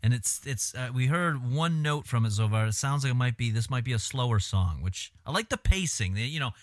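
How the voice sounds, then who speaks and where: A man's voice: mid-range voice, animated, a little fast, no room sound, clean studio sound. A man co-hosting a podcast, chatting casually in a wry, rambling, profane way about songs. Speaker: podcast co-host. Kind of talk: casual chat reacting to songs.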